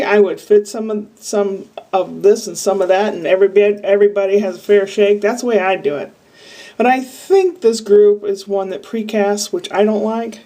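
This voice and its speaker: A woman's voice: medium pitch, dark tone. A woman from Iowa talking to camera in a casual, rambling, candid diary-style monologue full of asides. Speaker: vlogger. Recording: voice a bit far from the mic.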